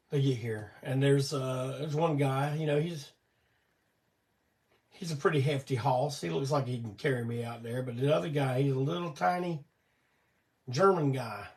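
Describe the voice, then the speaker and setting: Gravelly older man, weak voice. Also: mid-range voice, a little mellow, distant mic. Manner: rambling, folksy, swears casually. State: weak voice from illness and cough syrup. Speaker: host of a weekly live show. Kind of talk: casual storytelling on a livestream.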